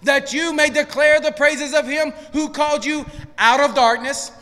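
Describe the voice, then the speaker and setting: A male pastor preaching a sermon, swinging between hushed lines and shouted peaks. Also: very high-pitched, fairly even intonation, moderate pace, in a large hall. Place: church sanctuary.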